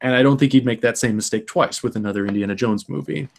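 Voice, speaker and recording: A man's voice: medium pitch, fast, gravelly. Young male podcast host, casual and talkative, mid-range voice. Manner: thoughtful, talks in long stretches, acts out quotes. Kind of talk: casual film discussion.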